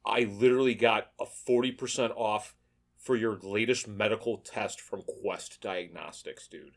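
A man's voice: on the low side, fairly even intonation, unhurried, vocal fry. A man hosting a podcast in casual chat, moderating and steering the conversation. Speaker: podcast host.

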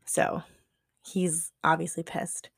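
A woman with a low, gravelly voice tells a story on her podcast, casual and profane. She sprinkles "like" everywhere and acts out what people said. The sound is close and dry. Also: flat delivery, slow pace, no room sound. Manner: chatty, profane, heavy use of "like"; acts out quoted dialogue. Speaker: podcast co-host.

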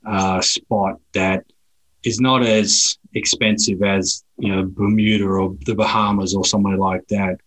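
This is an Australian man chatting as a guest, easygoing and anecdotal. His voice sits low and has a husky, breathy grain. He often restarts his sentences mid-thought. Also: rough recording. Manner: relaxed storyteller with frequent restarts. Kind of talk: casual conversation.

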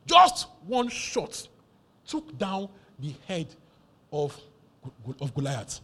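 Lively husky-voiced preacher. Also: male voice, high voice, extremely slow. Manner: animated, emphatic preaching with heavy repetition. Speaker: pastor. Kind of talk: sermon.

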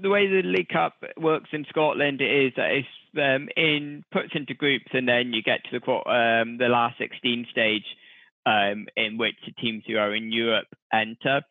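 A man co-hosting a podcast in casual chat, talking hesitantly with frequent filler pauses. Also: mid-range voice, steady tone, no room sound. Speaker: podcast co-host. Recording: tinny phone-like dry line.

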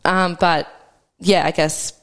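A woman guest on a podcast, telling a hard personal story in a reflective, halting way, full of "like" and restarts. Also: on the low side, flat delivery, fairly bright tone. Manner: reflective, halting, heavy use of "like".

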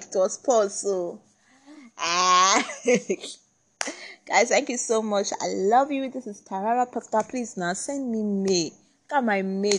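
Bubbly Nigerian woman podcaster. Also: medium pitch. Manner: bubbly and chatty, laughing often. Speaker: podcast host. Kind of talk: casual solo podcast chat.

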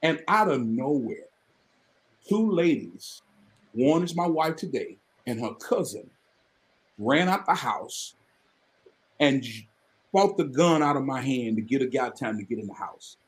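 A man, telling his life story as a guest on a live podcast, earnest and animated. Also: mid-range voice, unhurried, pauses often. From Mississippi, US. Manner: earnest, animated storytelling with sudden excited rises.

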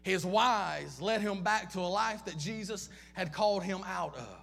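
A man's voice: high voice, expressive, unhurried, creaky, a bit bright. A man preaching a sermon, impassioned, piling up repeated questions and restarting phrases. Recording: long reverb of a large hall.

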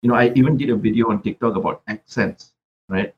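A man's voice: fairly low pitch, fast talker, highs cut off, a little hiss or hum. A Malaysian man who raps, talking reflectively as a podcast guest and often repeating words while he thinks. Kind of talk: casual interview chat.

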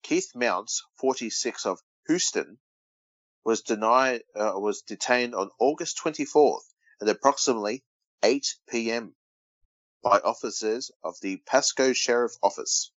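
A man's voice: mid-range voice, a little slow, no room sound. An Australian man co-hosting a casual podcast, reading odd news stories aloud and teasing his brother. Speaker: podcast co-host. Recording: dull lo-fi dry recording.

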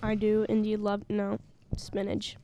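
A woman's voice: mid-range voice, monotone, a little slow, dull audio, noisy background. A teenage girl co-hosting a student show, teasing her friends in casual chat. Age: teens. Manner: playful, teasing.

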